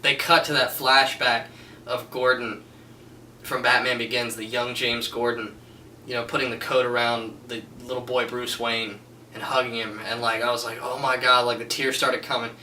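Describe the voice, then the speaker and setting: A man rambles through a casual film review, gushing and restarting his sentences. His voice is very bright and forceful. It sounds echoey, as if he sits a little way from the mic. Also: medium pitch, little pitch movement, normal speed, recorded from a distance, a little hiss or hum. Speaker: movie reviewer.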